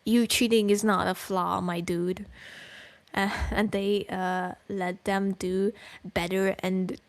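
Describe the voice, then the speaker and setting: A woman's voice: mid-range voice, little pitch movement, slow, no echo. A woman co-hosting a podcast and ranting with exasperation at a document she reads aloud. She swears often and sighs. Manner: exasperated, profane, loud bursts, with sighs. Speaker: podcast co-host. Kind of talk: heated podcast rant reacting to a document. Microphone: desk microphone close to the mouth.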